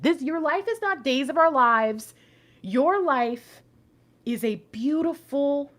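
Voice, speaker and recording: Woman doing a tarot reading, kinda preachy and chatty, voice bounces around a lot. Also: mid-range voice. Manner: chatty, emphatic, preachy asides to viewers. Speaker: intuitive tarot reader. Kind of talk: casual tarot reading monologue.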